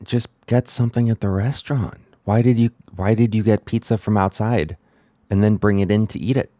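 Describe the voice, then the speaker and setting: A man's voice: on the low side, steady tone, brisk, mellow, no echo. A man streaming himself watching a show, making blunt, incredulous comments and swearing freely. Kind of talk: casual reaction commentary.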